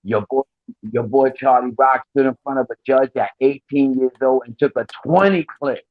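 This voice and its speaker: A man's voice: medium pitch, moderate pace, no echo. A man joining a casual talk show, talking emphatically and repeating himself. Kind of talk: casual chat. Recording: dry, dull lo-fi audio.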